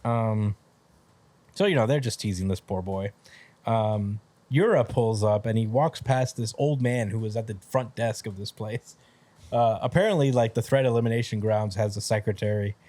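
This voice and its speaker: A man's voice: fairly low pitch, moderate pace, mellow, no room sound. A man co-hosting a podcast, casually recapping a manga chapter in a rambling, filler-heavy way. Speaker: podcast co-host.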